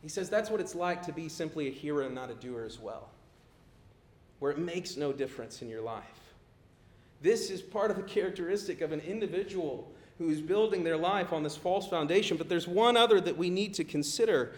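A middle-aged man preaching a sermon in a conversational way. He gets animated when he acts out people pleading. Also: on the high side, a little fast. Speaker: pastor. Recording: echoey room.

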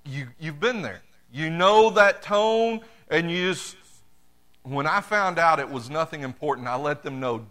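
Slow, bright-voiced male preacher. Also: fairly high pitch, lively intonation. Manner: conversational preaching with dry humor, addresses congregation directly. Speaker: pastor. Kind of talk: sermon.

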